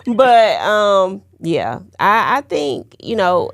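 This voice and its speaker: A woman's voice: fairly low pitch, measured pace, no echo, studio quality. A young adult woman co-hosting a faith podcast, chatting casually with laughing asides. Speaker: podcast co-host.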